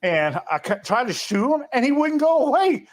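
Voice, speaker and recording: A man in animated casual conversation who tells stories and laughs often. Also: very high voice, normal speed. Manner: animated storyteller, laughs a lot. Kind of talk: casual chat.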